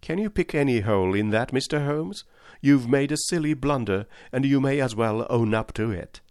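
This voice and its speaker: A man reading aloud and voicing a blustering, mocking middle-aged male villain, pitched above his own voice. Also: dry recording, clean studio sound, natural voice. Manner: sneering and mocking.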